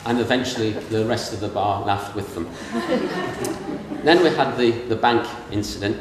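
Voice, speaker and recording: A middle-aged man from England, acting as best man, performs a funny wedding speech without notes, telling stories and mimicking voices. He speaks at a measured pace in a mid-range voice over a noisy crowd. The setting is a large reception room at a castle wedding, and the recording is distant and echoey with room noise.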